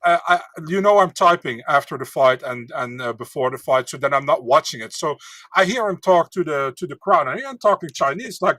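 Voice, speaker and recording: Bright-voiced rambling male co-host. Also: fairly high pitch, expressive, brisk, no echo. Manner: rambling, hesitant, many fillers. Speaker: podcast co-host. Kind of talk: casual sports chat.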